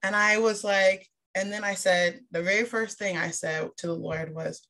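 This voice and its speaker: A woman's voice: mid-range voice, moderate pace. A woman sharing a personal testimony in a sermon, telling her story with emphasis and acting out the dialogue. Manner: animated storyteller who acts out dialogue; emphatic, repeats phrases for stress. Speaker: church speaker sharing a testimony.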